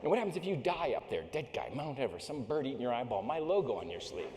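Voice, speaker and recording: A man's voice: mid-range voice, big pitch swings, quick pace, a little mellow, slight background noise, natural voice. A man putting on a blunt, crude Texan oil executive with a Texan accent, in an echoey hall. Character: blunt Texan oilman, middle-aged man, gruff.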